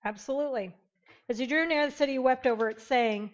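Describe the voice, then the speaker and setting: A woman teaching an interactive Bible lesson, emphatic and animated, questioning her class. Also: high voice, quick pace, highs cut off.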